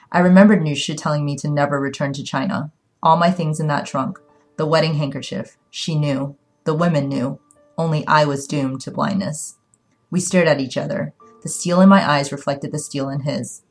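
A woman narrating a story in the first person, reading in a measured, earnest way. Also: deep voice, fairly even intonation, faint music behind. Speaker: audiobook narrator.

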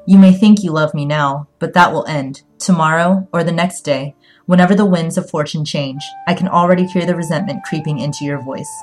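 A woman's voice: deep voice, fairly quick, faint music behind, natural voice. A woman playing a fiery, stubborn young woman. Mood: bitter. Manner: sharp, forceful, rising with anger. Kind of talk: audiobook reading.

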